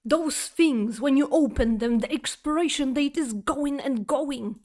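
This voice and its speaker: A woman streamer telling a chatty, exaggerated story to her viewers, with halting phrasing full of fillers and restarts. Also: high voice, a little mellow. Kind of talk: casual storytelling chat.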